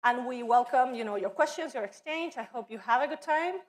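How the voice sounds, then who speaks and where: A woman with a foreign accent opens a professional workshop in a training room. She sounds nervous and hesitant, filling pauses with ums and restarting words. Her voice sits a little high. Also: lively intonation. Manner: nervous, hesitant, many fillers. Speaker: immigrant relations coordinator. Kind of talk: workshop welcome and presentation. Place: training room with audience at tables.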